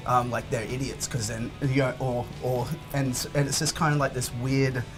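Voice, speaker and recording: A man co-hosting a casual chat, rambling and halting with many restarts. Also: mid-range voice, flat delivery, over music.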